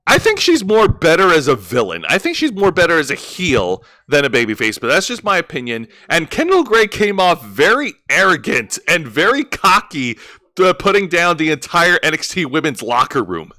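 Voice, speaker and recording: A man's voice: on the high side, huge pitch swings, moderate pace, sharp tone. A man co-hosting a wrestling review podcast in casual chat, rambling with many restarts and fillers.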